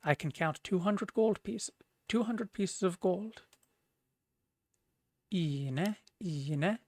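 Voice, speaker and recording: Quiet late-night streamer, slow talk. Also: medium pitch, no room sound. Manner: quiet, subdued. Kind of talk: casual live-stream chat. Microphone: desk mic.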